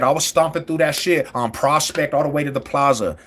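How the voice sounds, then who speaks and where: A man hosting a live stream, talking loud, boastful trash about sports rivals in slangy banter. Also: fairly high pitch, a little fast.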